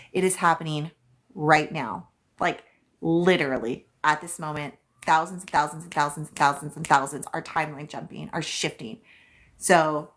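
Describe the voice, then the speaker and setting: A chatty woman talking into her phone on a psychic livestream, her voice sitting a touch low. She keeps it loose and unscripted, swears freely and hammers key phrases through repetition. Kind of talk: casual livestream chat.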